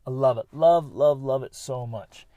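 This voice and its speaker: A man's voice: mid-range voice, unhurried, no room sound. Middle-aged guy doing a motivational podcast, earnest, gets all fired up, dry close sound. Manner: earnest and animated, with bursts of excitement. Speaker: podcast host.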